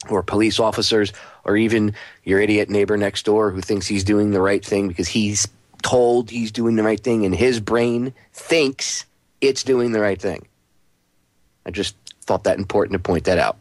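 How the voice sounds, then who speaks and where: A man's voice: lowish voice, fairly even intonation, moderate pace, darkish tone, no echo. A man hosting a talk radio show, giving emphatic, sarcastic commentary.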